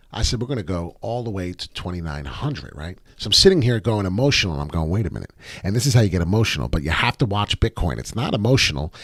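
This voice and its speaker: A man hosting a live crypto trading stream, talking off the cuff in a brash, profane, excitable and rambling way. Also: low voice, dry recording, clean studio sound. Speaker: crypto trading livestream host. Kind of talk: live chart analysis, off-the-cuff rant.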